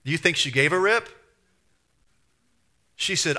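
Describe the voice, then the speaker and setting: A man's voice: on the high side, sing-song, unhurried, pauses often, bright, forceful tone. A man pastor preaching a sermon in a conversational way, full of rhetorical questions and acted-out quotes.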